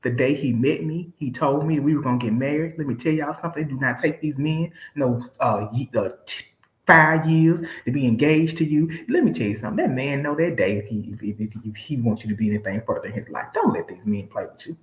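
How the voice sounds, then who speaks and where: A woman's voice: very deep voice, a little fast, echoey room, low-quality recording. A woman from Alabama hosting a live stream, talking casually and preaching to viewers she calls y'all. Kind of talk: casual motivational talk.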